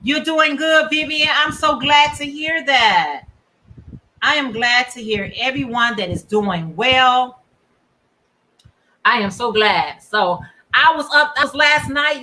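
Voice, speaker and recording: A woman hosting a crafting livestream, chatting casually and warmly reading out viewer comments. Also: high voice, slow pace, poor audio. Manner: chatty, reads viewer comments aloud, encouraging. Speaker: crochet livestream host. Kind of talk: casual chat with live viewers.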